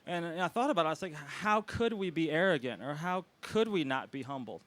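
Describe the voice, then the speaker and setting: A man, co-owner of a restaurant, hosting an outdoor anniversary celebration with emotional, grateful words and loud announcements. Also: on the high side, animated, fairly quick, no echo. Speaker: restaurant co-owner and event host. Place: outdoors on a city street.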